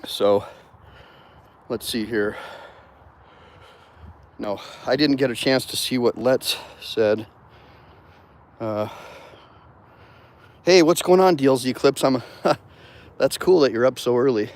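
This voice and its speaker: A man hosts a rambling livestream outdoors as he walks, his voice sitting at a middle pitch. He talks in a loose, digressive way and breaks off to thank viewers. The tone is that of an attorney chatting casually with his audience. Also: slow pace, long pauses, darkish tone. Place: outdoors, walking.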